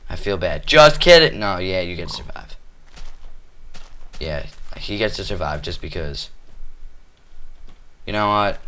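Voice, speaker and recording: A man with a lowish voice curses his way through a game session at a slow, dragging pace. He yells insults at the animals in the game, then sinks back into bitter muttering. There is a faint hiss in the background. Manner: swears constantly, trash-talks game animals; flips between angry yelling and muttering. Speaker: gamer. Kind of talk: cursing let's play commentary.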